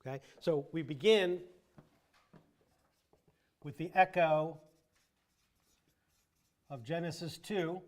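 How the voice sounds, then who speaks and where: A man with a fairly high speaking voice leads a church Bible class. He talks through the passage casually, restarting sentences as he thinks. He drops in dry, wry asides along the way. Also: slow pace, long pauses. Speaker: Bible teacher. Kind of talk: conversational Bible class teaching.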